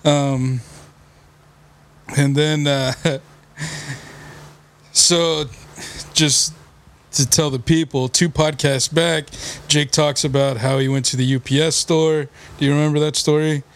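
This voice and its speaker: A man co-hosting a podcast, telling a story in casual chat with lots of laughter and quick impressions of others. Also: fairly high pitch, steady tone. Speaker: podcast co-host.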